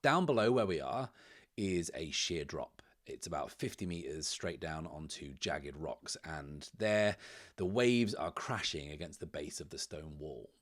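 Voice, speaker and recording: A man hosting and narrating a solo tabletop game, telling the scene in a relaxed way and thinking aloud between dice rolls. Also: extremely low pitch, unhurried. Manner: relaxed, descriptive storytelling that drifts into thinking aloud. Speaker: solo game master and host.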